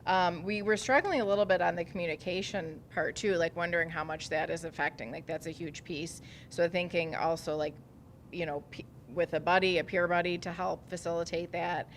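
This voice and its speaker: Female social worker, low and soft-spoken, faint rumble behind, sharing group ideas. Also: steady tone, fairly quick. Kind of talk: group share-out.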